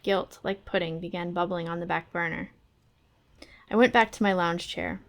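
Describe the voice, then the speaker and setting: A woman's voice: fairly low pitch, fairly even intonation, normal speed, vocal fry. A woman on a book club stream reading a first-person novel aloud in a wry, conversational way.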